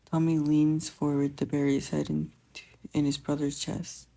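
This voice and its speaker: A fan fiction reader narrating a story in a quiet, gentle storytelling manner. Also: medium pitch, level tone, moderate pace, low-quality recording. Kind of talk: audiobook narration.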